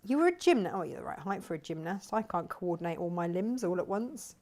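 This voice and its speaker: A woman's voice: lowish voice, very animated, fast, darkish tone. A middle-aged woman hosting a casual live fabric shop stream, chatting, reading out viewer comments and laughing often.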